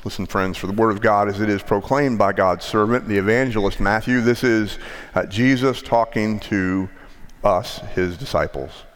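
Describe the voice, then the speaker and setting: A man's voice: fairly low pitch, normal speed. A middle-aged man with a Texan accent, preaching a sermon as pastor and telling stories in a conversational way. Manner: conversational storytelling preacher, occasional restarts. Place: large church sanctuary. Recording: long church reverb.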